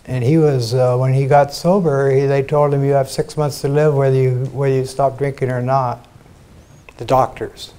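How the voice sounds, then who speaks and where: Older American male teacher, plainspoken spiritual lecture, mid-pitched voice, blunt asides. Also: flat delivery, normal speed, warm tone. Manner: frank, conversational, salty asides and mock quotes. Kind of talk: informal spiritual talk to an audience. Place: lecture hall.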